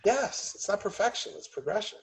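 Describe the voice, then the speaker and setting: A middle-aged man telling a family story on a podcast, emphatic and animated, acting out what people said. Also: sits high, a little fast, vocal fry, poor audio. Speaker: podcast guest, chiropractor and business owner.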